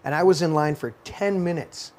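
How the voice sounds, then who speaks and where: Speaking at a moderate pace in a somewhat high voice with a darkish tone, a podcast host tells stories on his casual talk show. His delivery turns into a heated, profane rant.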